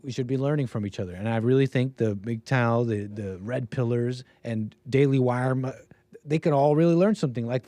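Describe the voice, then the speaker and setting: A man's voice: mid-range voice, no echo. Male streamer, casual reaction commentary, dry close-mic sound. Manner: chatty, animated, pauses to react to clips. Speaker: livestream host reacting to a debate.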